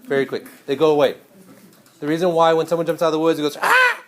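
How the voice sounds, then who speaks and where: A male teacher giving a lively, hands-on classroom lecture and speaking directly to his students. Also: fairly high pitch, rapid-fire, roomy sound.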